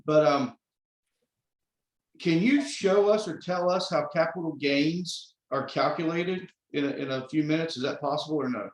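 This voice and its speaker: A man's voice: on the high side, normal speed. A man hosting a call series, asking casual, loosely phrased interview questions. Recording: roomy echo.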